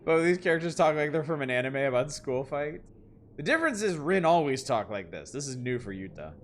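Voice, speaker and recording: A man's voice: on the high side, big pitch swings, a little fast, a little hiss or hum. A man commentating a game on a live stream, wry and joking, swearing when startled. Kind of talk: live let's-play commentary.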